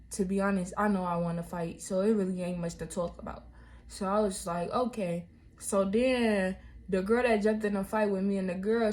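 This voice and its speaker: A young woman, telling viewers a storytime vlog in animated, slangy talk. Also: medium pitch. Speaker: vlogger.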